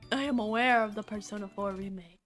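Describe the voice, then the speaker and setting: A young woman streaming casually, chatty and excitable, swearing freely, suffering from hiccups. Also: mid-range voice, moderate pace, soft background music. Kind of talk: casual livestream reaction.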